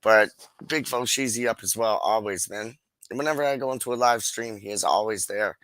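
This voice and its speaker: A man hosting a live stream, chatting casually and reading out viewer comments in a slangy, animated way, with frequent laughs and repeated catchphrases. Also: fairly low pitch, normal speed, no room sound, poor audio.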